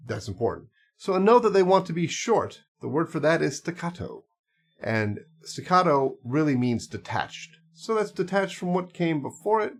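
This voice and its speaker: A man teaching clarinet, talking casually and explaining step by step with small asides and fillers. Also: mid-range voice. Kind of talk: casual instructional talk.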